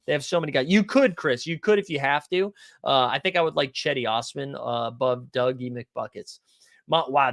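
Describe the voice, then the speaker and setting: A man hosting a live fantasy basketball stream, fast-talking, loose and profane, answering viewers' questions and thinking his picks through aloud. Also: on the high side, fairly bright tone, no echo, clean studio sound. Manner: fast-talking, says so himself. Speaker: fantasy sports streamer host.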